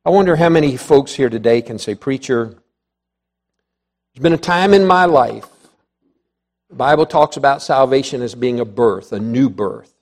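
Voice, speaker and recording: A man preaching a sermon to a church congregation, emphatic, with swings between loud declarations and soft, hushed passages. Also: mid-range voice, moderate pace, pauses often.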